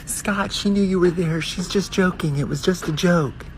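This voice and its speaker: A man's voice: sits high, moderate pace, slight background noise, pitched above the performer's own voice, close to an everyday voice. A man voicing a group of women friends chirping in unison. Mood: placating. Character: chorus of cheering women friends, shrill.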